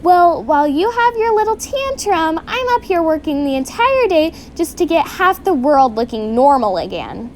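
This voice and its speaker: A woman voicing a bossy female cloud cat who scolds loudly and gives orders. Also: high-pitched, animated, moderate pace, few pauses, a little hiss or hum. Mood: scolding. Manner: loud, scolding, commanding.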